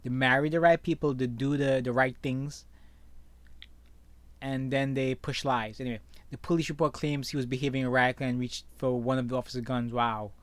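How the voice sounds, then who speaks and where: Reacting to news he reads aloud, a man delivers opinionated commentary and keeps tagging his sentences with "okay?". This online commentator has a medium-pitched voice with fairly even intonation and a fairly quick pace, recorded without echo.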